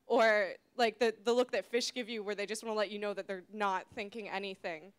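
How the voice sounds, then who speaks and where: A young woman doing a rambling, self-deprecating stand-up set, jumping into loud shrill voices for the people she quotes. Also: normal speed, smooth. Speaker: stand-up comedian.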